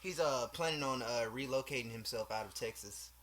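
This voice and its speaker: A man's voice: mid-range voice, brisk, fairly bright tone. A man hosting a podcast in casual chat, blunt, profane and joking. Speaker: podcast host.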